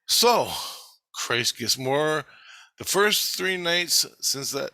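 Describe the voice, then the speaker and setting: Agitated swearing man, bright dry voice. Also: fairly high pitch, lively intonation, extremely slow, dry recording. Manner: heavy swearing, agitated storytelling. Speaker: vlogger. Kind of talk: rambling monologue.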